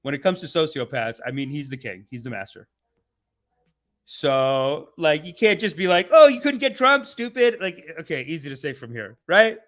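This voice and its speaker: A man hosting a casual live stream, rambling and swearing excitably, often laughing mid-sentence. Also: mid-range voice, moderate pace. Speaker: host.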